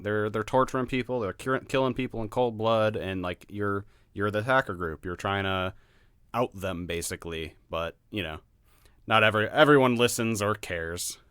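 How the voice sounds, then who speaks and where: Deep-voiced blunt man. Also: bright, forceful tone, clean tone, dry recording, clean studio sound. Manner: blunt, laughs often. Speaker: podcast co-host. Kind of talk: casual chat.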